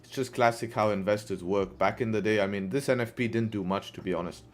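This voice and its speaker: A man's voice: fairly low pitch, fast talker. A man livestreaming his forex trading, talking casually to viewers, often asking "right?" and bantering with the chat. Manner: chatty, repeats "right?" and "guess what", banters with chat. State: tired, yawning. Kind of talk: casual live trading commentary.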